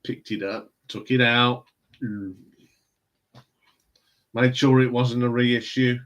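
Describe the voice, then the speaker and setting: A man's voice: mid-range voice, fairly even intonation, slow pace, fairly bright tone. A man in casual, rambling chat, hosting a live stream from home. He answers viewer comments as they come in, chuckling often. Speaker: live stream host reviewing records.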